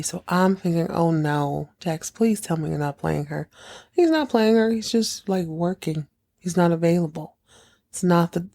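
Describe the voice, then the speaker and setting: A woman's voice: on the low side, creaky, warm tone. A woman hosting a casual recap podcast who talks in a chatty, sarcastic way and acts out quotes, and who is sick at the moment. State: sick, taking cough medicine. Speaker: podcast host recapping a TV episode.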